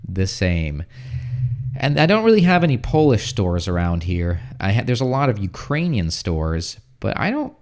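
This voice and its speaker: A man's voice: lowish voice, very animated. Chatty American man teaching English. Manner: chatty, reads viewer questions, explains slowly with many "right?" checks. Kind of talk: casual livestream lesson. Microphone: streaming setup.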